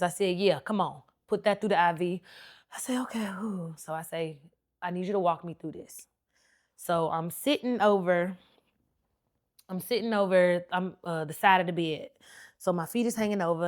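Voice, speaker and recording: A woman hosts a podcast and tells her own story. She talks a lot and acts out what each person said. Her voice sits a little low. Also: moderate pace. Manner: animated, talkative storyteller who acts out quotes. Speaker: podcast host.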